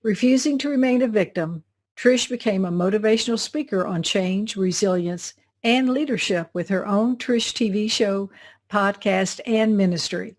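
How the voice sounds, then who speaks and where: A woman with a Southern US accent, hosting a business show, reading a measured scripted introduction and then interviewing her guest. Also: medium pitch. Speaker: show host.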